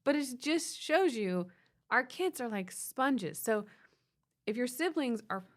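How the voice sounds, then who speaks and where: A woman co-hosting a parenting podcast, chatting and giving advice in a relaxed, talkative way and laughing easily. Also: on the high side, slow. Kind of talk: casual parenting podcast chat.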